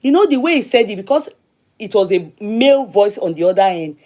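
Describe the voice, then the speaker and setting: A woman with a Nigerian accent, hosting a show and telling a long personal story in a casual, chatty, animated way, repeating herself for emphasis. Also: mid-range voice, brisk. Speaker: show host.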